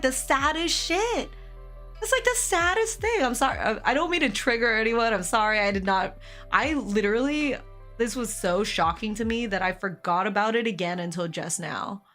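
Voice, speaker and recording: A young woman streamer telling a family story in casual chat to her live chat, animated, laughing often and swearing casually, her voice a bit hoarse from karaoke. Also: medium pitch.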